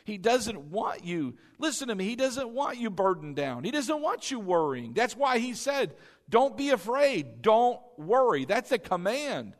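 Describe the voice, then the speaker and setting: A man's voice: high voice, big pitch swings, normal speed, hardly any pauses. A man preaching a sermon as pastor, exhorting the congregation, repeating key lines and asking them questions. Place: church sanctuary. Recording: long hall reverb.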